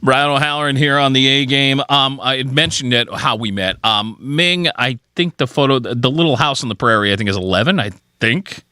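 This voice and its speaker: A man's voice: medium pitch, brisk, few pauses, bright, forceful tone, smooth, no echo. A man hosting a podcast interview in a studio, enthusiastic and often chiming in with agreement. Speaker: podcast host. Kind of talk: casual interview chat.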